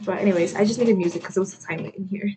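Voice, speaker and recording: A woman's voice: mid-range voice, steady tone, music in the background. A young woman telling a story while getting ready at home, rambling with lots of "like" and breaking off to apologize. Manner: rambling, heavy use of "like", self-interrupting; quick to apologize, chatty asides to camera. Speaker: vlogger.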